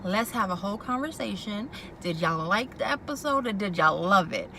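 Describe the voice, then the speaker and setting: A woman's voice: medium pitch, moderate pace. Woman doing a sassy tv recap, noisy background with cars going by. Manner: animated, quoting characters and reacting with sass. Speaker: TV recap vlogger. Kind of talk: casual chat recapping a TV episode.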